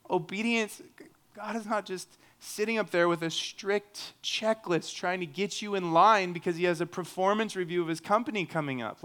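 A man's voice: sits high, fairly bright tone. A man in his thirties preaching a sermon in an earnest, conversational way, with humorous asides. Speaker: pastor.

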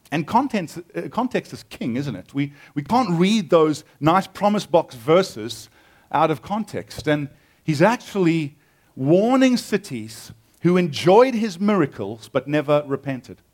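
A man preaching a sermon with a booming voice, reading scripture and then explaining it earnestly and emphatically, often restarting his phrases. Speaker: pastor. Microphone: amplified on a sound system.

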